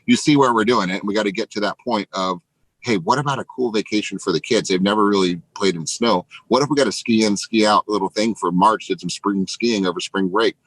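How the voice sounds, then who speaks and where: A man giving an energetic motivational pep talk to real estate agents, emphatic and casually profane. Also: medium pitch, quick pace, dry recording, low-quality recording. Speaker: real estate team leader.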